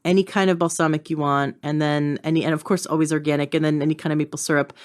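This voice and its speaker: A woman hosting a podcast in casual conversation, her voice sitting slightly low. She talks chattily, looping back with fillers and restarts. She laughs easily between thoughts. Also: level tone, fast talker. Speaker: podcast host.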